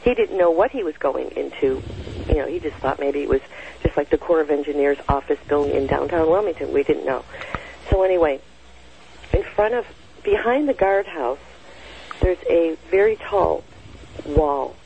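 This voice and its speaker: Woman, 60s, gravelly, meandering storyteller; muffled recording with a faint hiss. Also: sits low, normal speed, dark tone. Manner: rambling, with many fillers and self-corrections. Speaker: storyteller recounting a personal experience. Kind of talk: casual spoken storytelling. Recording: dull lo-fi sound with faint noise.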